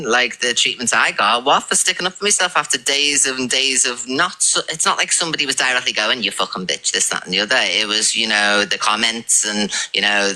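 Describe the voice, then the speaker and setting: A man rambles on a livestream about how he was wronged. His voice is very bright and sharp, and he keeps asking "you know what I mean?". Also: medium pitch, poor audio. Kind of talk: aggrieved livestream chat.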